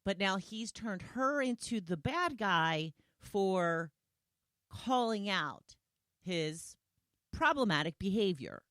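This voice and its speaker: A woman's voice: mid-range voice, animated, slow pace, fairly bright tone, dry recording, studio quality. A woman hosting a solo podcast, talking conversationally and retelling scenes with quoted lines. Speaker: podcast host.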